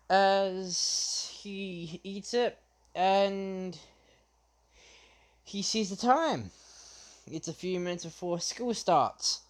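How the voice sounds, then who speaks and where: Slow, halting young man telling a story. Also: fairly high pitch. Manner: halting, many fillers and restarts. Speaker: fan story narrator. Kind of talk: unscripted retelling of a fan story.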